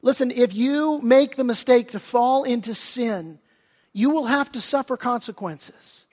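A man with a high-pitched voice delivers a sermon as pastor. He swings between loud, emphatic lines and hushed, earnest pleading. His voice carries a long reverb, like a large church hall. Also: measured pace.

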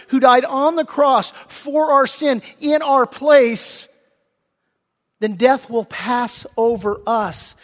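A man preaching a sermon as pastor, swinging between loud emphatic lines and hushed earnest pleas. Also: extremely high pitch, in a large hall.

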